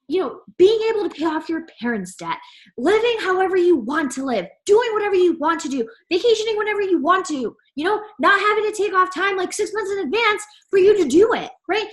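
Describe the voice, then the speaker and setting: A young woman with a very high, bright-pitched voice gives a fired-up motivational talk to her team. She preaches in short punchy lines, piling on "like" and "right?" as she drives her point home.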